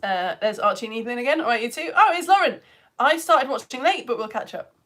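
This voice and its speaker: Bubbly, lively-voiced woman teacher. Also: a little high, fast. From United Kingdom. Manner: bubbly, chatty, laughs often, rambling. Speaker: online science teacher for home educators. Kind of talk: live-stream chat reading out viewer comments.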